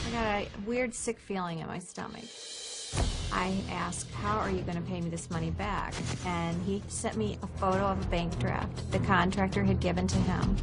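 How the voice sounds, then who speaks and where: A woman, a talk show guest, telling her own story in a plain, matter-of-fact way. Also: on the low side. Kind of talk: recorded personal account.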